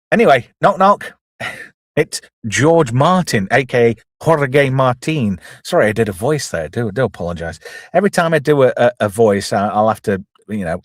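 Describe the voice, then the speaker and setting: A film reviewer hosting his channel casually retells a comedy scene after scene, undercutting himself with humorous asides. He has a lowish voice, and the sound is studio quality with no room noise.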